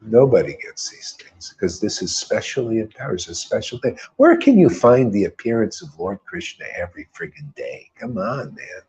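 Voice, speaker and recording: A man's voice: on the low side, big pitch swings, moderate pace, hardly any pauses, darkish tone, slightly rough. A man leading a devotional group, giving an informal spiritual talk full of emphatic repetition and rhetorical questions.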